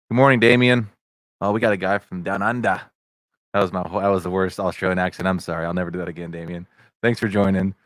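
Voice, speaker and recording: A man's voice: low voice, fairly bright tone, no room sound. A middle-aged man hosting a casual livestream podcast over video chat, rambling with many fillers and greeting viewers in the chat. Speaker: podcast host. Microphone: video chat setup.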